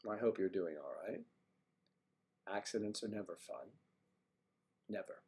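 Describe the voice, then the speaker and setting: Low, expressive and darkish in tone, this American livestream host takes a measured pace as he chats casually. He rambles through viewer comments, drifting between topics.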